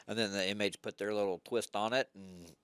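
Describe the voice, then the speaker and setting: Male guest, casual, swears freely, lower voice. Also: fairly even intonation, fairly quick, a bit bright, clear, resonant tone, no echo, clean studio sound. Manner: profane, chiming in with agreement. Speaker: podcast guest, former private prison worker. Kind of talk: casual chat.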